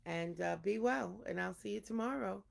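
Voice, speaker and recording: Gravelly-edged woman reading aloud. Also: medium pitch, normal speed. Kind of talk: read-aloud storytime closing.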